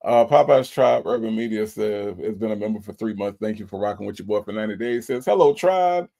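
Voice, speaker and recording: Lowish voiced guy on a stream, gets choked up thanking everyone over and over. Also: brisk, gravelly, mellow. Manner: emotional, repeats thanks over and over. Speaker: livestream host. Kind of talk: casual livestream shout-outs.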